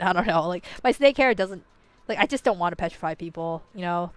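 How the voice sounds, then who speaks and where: A woman's voice: fairly low pitch, animated, fast, no room sound. A young woman ranting casually and playfully, laughing often and filling her talk with "like" and "you know". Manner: playful, slightly profane. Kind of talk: casual rambling commentary.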